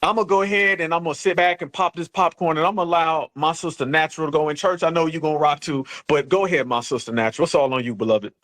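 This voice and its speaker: A man's voice: on the high side, steady tone, fast, few pauses, fairly bright tone. Man hosting a fiery online chat room. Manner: preachy, rallying, addresses listeners as family. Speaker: host of a live audio chat room. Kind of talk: heated online discussion.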